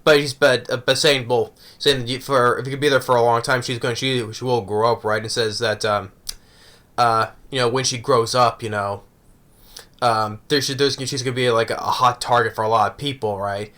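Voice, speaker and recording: A man's voice: medium pitch, fairly even intonation, moderate pace, fairly bright tone. A man giving a casual, rambling review of an anime episode, often tagging on "right?".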